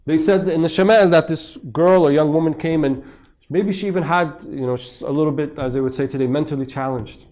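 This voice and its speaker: A man's voice: on the high side, a little fast, darkish tone. A man teaching a seminar audience in a mosque. He speaks conversationally, asks frequent rhetorical questions and acts out quoted speech. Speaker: religious teacher. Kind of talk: lecture commentary to a seminar audience.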